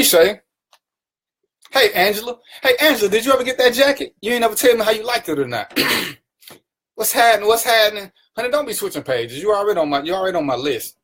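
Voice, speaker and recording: A man's voice: high-pitched, a bit bright. A man hosting his own live stream, greeting viewers by name and teasing them in casual, playful banter. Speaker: livestream talk show host.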